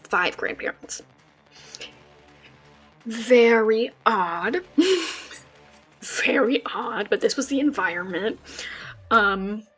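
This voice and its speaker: A young woman streamer telling a casual story, animated and swearing freely. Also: medium pitch.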